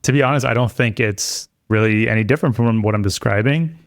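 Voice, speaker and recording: A man's voice: medium pitch, fairly quick, no echo, studio quality. A man talking as a podcast guest in casual chat, rambling with many restarts and fillers.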